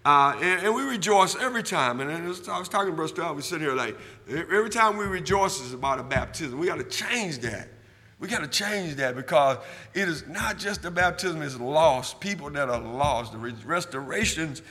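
A man preaching a sermon in church, drawing call and response from the congregation, repeating himself and building from quiet talk to loud shouting. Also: fairly high pitch, lively intonation, brisk, big-room sound. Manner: repetitive, asks the church for amens. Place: church sanctuary.

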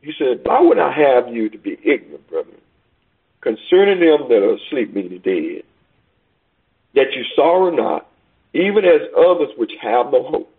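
A man preaching a sermon over a call, emphatic, swinging between loud peaks and quiet asides. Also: medium pitch, very animated, normal speed, slightly rough. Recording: tinny phone line.

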